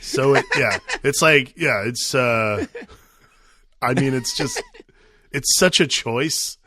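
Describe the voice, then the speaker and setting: Bright-toned man chatting loosely on a podcast. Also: medium pitch, lively intonation, no echo, clean studio sound. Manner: halting, restarts, agreeable "yeah"s. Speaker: podcast co-host. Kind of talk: casual film discussion.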